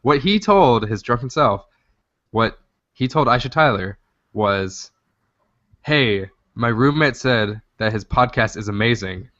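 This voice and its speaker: A young man co-hosting a casual gaming podcast, an animated storyteller who swears freely. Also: mid-range voice, a little slow, no echo. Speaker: podcast co-host. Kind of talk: casual chat. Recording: dull lo-fi dry sound.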